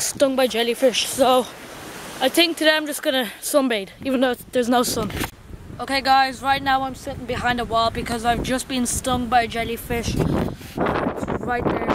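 A young woman records a casual travel vlog as she walks outdoors, talking quickly and excitedly to the camera in her hand. Her voice sits a little high, and she keeps dropping in "like" and "guys". The camera audio is noisy and catches the outdoor wind. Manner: chatty, excitable, lots of "like" and "guys". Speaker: vlogger. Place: outdoors on a hot hillside and beach. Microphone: handheld camera.

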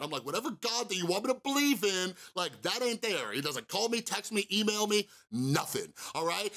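A young man in recovery telling a casual storytime monologue to camera, animated and acting out his own past rants. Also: on the high side. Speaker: YouTube vlogger on addiction recovery.

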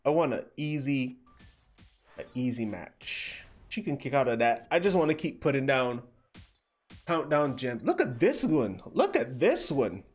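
Slow, playful male game streamer. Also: mid-range voice, sing-song, husky, soft background music. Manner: playful, teasing banter with chat. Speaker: livestream host. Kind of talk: casual gameplay commentary.

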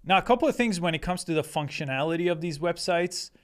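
A man reviewing and comparing AI chatbots, reading their answers aloud in a relaxed, conversational way. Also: a little high, quick pace. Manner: conversational, reads results aloud while thinking. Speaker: tech reviewer. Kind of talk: screen-recorded product comparison.

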